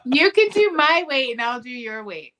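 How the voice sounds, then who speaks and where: A woman's voice: sits high, normal speed. A woman hosting a casual chat, teasing and encouraging her guests. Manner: teasing, lively. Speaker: podcast host.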